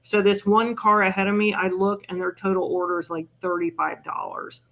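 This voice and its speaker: An older woman with a mid-range, slightly bright voice and vocal fry, her pitch barely moving, guests on a recovery podcast. She tells personal stories in a chatty, self-mocking way, often saying "you know" and laughing quickly, as conversational storytelling.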